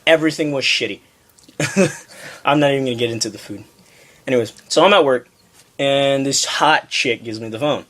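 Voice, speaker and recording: A man's voice: medium pitch, moderate pace, long pauses, a bit bright. A young man co-hosting a casual homemade podcast, ranting profanely through a work story and mimicking the people in it. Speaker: podcast co-host. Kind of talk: casual chat.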